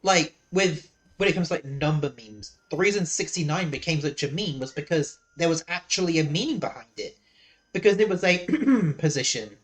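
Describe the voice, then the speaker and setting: A man's voice: a little high, expressive, normal speed. A man streaming a game live, chatting casually and airing opinions. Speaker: streamer host.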